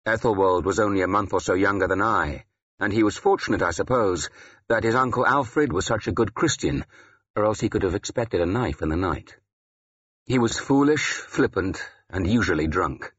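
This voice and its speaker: A man reads a first-person historical tale with dramatic, expressive delivery. His low, husky voice rises and falls widely, and the recording sounds dry and slightly muffled. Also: normal speed, dry recording. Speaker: audiobook narrator. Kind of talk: scripted first-person narration.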